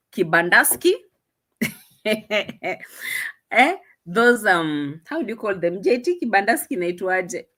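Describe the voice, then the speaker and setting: A young Kenyan woman talks over her vlog in a Kenyan accent. She speaks in a chatty, teasing way that often breaks into laughter. Her middle-pitched voice rises and falls a great deal. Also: fairly bright tone. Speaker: vlogger. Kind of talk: casual commentary vlog.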